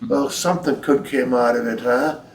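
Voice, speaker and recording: An older priest tells reflective stories in a folksy way during a recorded interview at his home, quoting people in lively voices. His voice is mid-range at normal speed, with slight background noise, and the recording sounds roomy and distant from the mic.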